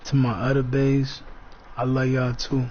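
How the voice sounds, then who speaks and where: Relaxed man rambling casually in slang, mid-pitched, recorded lo-fi. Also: a little slow. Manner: laid-back, slangy, talks in loose fragments. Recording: dull lo-fi sound with faint background noise.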